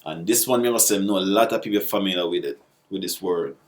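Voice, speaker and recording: A deep-voiced man with a Jamaican accent walks through basic patois phrases in a laid-back video lesson. He repeats each example in dialect before giving the plain English version. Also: fast talker. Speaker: vlogger teaching patois.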